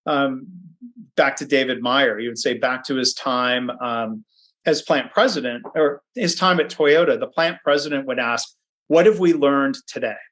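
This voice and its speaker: A man's voice: medium pitch, a little slow, fairly bright tone. Chatty man giving a webinar talk. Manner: chatty, with frequent ums and restarts. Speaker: webinar presenter. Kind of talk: conversational presentation. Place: home office.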